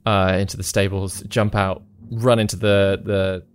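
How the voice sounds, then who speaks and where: Relaxed man running a tabletop game. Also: deep voice, slight background noise. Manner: relaxed, halting narration with fillers. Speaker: game master.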